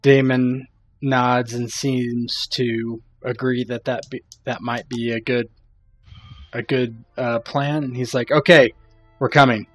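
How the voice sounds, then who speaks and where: A man's voice: mid-range voice, level tone, slow, faint music behind. A man narrating as game master in a casual tabletop game, loose and rambling, laughing often.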